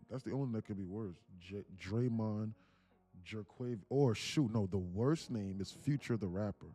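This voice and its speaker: A man's voice: on the low side, expressive, moderate pace, hardly any pauses, dark tone, husky. A man hosting a livestream, rambling and joking casually in a loose rant. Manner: rambling, joking, laughs often. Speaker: day trading livestreamer.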